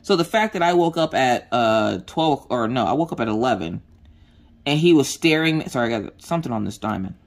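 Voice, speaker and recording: A woman's voice: a bass voice, fairly quick. A woman, chatting casually and acting out the voices in her story while she crafts. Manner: animated storyteller acting out quotes, mild swearing. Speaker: craft vlogger.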